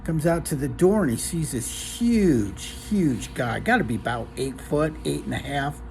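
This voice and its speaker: A man telling a long joke in a relaxed, casual way, with lots of ums and uhs. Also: fairly high pitch, normal speed, gravelly, slight background noise. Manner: relaxed, filler-heavy storytelling.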